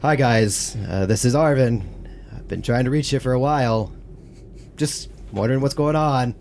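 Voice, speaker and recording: A man's voice: mid-range voice, normal speed, a little mellow, slight background noise, natural voice. A man voicing a socially awkward male leader leaving a hesitant, rambling voicemail in a tabletop game.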